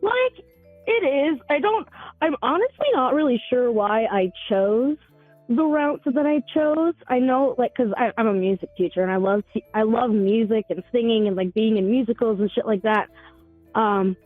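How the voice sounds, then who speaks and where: A woman in her twenties comes through a thin, tinny phone line, her voice sitting a little high. She talks casually and rambles, filling gaps and swearing now and then, with faint music underneath. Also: moderate pace, no echo. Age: 20s. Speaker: caller.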